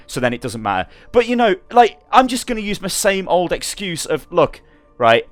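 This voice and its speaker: Young male gaming commentator, sarcastic and exasperated, very animated pitch, dry close mic with faint music underneath. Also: moderate pace, no echo. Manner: exasperated, sarcastic, swears freely. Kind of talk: ranting gameplay commentary.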